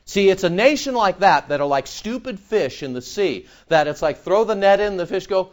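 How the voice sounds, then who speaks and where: A man preaching a sermon, animated and conversational, acting out other people's voices in his stories. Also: high-pitched, moderate pace, few pauses. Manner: animated, mimics voices in anecdotes. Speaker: pastor.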